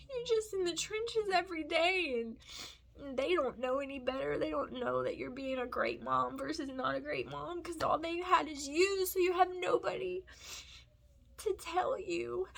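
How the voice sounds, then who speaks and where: A woman's voice: sits high, vocal fry, fairly bright tone. A woman in her thirties telling a heartfelt story to her vlog viewers while crying, rambling emotionally and talking straight to them. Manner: emotional, rambling, addresses viewers as "you guys". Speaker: family vlogger.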